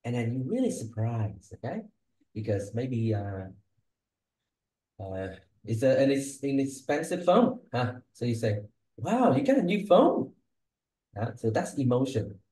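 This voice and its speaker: A man's voice: medium pitch, lively intonation, unhurried, dark tone. A man tutoring a student one-on-one on English speaking, giving pronunciation feedback and checking in often with "yeah?" and "okay?". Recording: echoey room.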